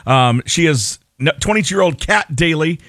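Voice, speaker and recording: Male radio co-host, somewhat high voice, dry close studio sound, wry asides, casual news banter. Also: animated, moderate pace, a bit bright, dry recording. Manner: wry, joking asides, laughs mid-sentence.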